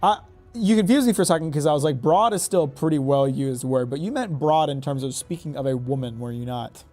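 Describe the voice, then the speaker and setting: A man's voice: a little high, brisk, a little mellow, soft background music. A man streaming a game, rambling, joking and swearing as he thinks aloud. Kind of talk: casual live-stream gaming commentary.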